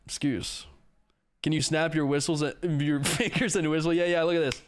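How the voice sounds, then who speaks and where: A man's voice: fairly high pitch, flat delivery, brisk, very noisy. A male livestreamer chatting casually with viewers, joking and swearing as he answers their questions. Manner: joking, profane, self-mocking.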